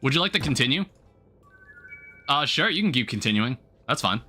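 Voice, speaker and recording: A man's voice: mid-range voice, sing-song, normal speed, pushed and bright. A young man chatting casually on a live stream while he plays a game, thinking aloud in a rambling way with lots of filler words. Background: faint game music.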